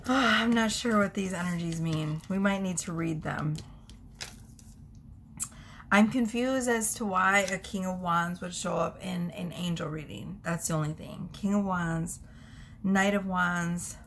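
Slow-talking giggly woman reading tarot. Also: fairly low pitch, fairly bright tone, slight background noise. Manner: giggly, chatty, self-interrupting. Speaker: tarot reader. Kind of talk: casual tarot reading vlog. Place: home.

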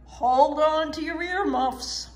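A woman voicing a cheerful, confident woman bus driver in a storybook reading, with a bright, emphatic sing-song delivery. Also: mid-range voice, huge pitch swings, takes it slowly.

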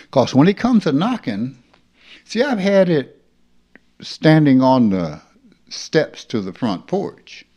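Slow-spoken older man, low and animated. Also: highs cut off. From rural Mississippi, US. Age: 70s. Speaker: spiritual teacher. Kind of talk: unscripted spiritual talk.

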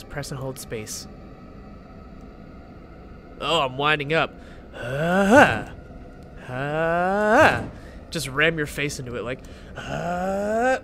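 A man's voice: fairly high pitch, pushed and bright, slight background noise. A young man commentating a horror game he is playing, joking around, swearing and yelping at the scares. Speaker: gaming channel host.

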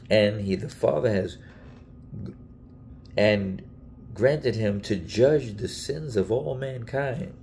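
A man's voice: lowish voice, slow pace, gravelly, long pauses, a little mellow, a little hiss or hum. A man preaching in a casual Bible teaching video, earnest and emphatic, often repeating himself and restarting phrases.

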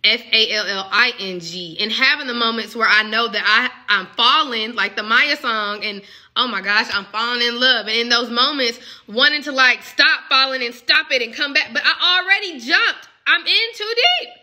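A young woman with a fairly high, sharp voice delivers a casual, emotional spiritual message as a love coach. At a moderate pace she muses in a conversational way.

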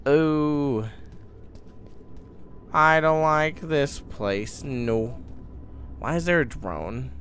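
Slow-talking young man playing horror. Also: fairly high pitch, fairly bright tone, a little hiss or hum. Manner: slow, muttering to himself, jumpy outbursts. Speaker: gaming YouTuber. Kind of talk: horror game commentary.

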